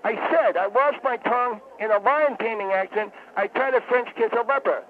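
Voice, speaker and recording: A man plays a touchy, defensive male doctor, a former lion tamer, whose speech is slurred, mumbled, and hard to understand. His pitch is extremely high and his pace fairly quick. The line sounds tinny, like a phone, with slight background noise.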